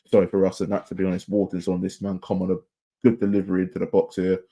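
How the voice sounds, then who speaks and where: A young man hosting a live football watchalong as a fan, chatty and excitable, shouting at the players. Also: low voice, fast, creaky, slightly rough. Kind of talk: live match watchalong commentary.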